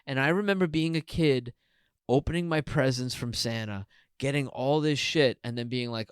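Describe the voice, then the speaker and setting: Smooth-voiced man hosting a chat. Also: mid-range voice, normal speed, no room sound, clean studio sound. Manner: laughing, interrupts to question and retell stories. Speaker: podcast host. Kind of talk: casual comedic chat.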